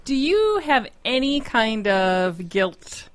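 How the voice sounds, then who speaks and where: A woman's voice: a little high, sing-song, slow. A woman co-hosting a radio show, chatting with wry, teasing remarks. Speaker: radio co-host. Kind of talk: casual banter.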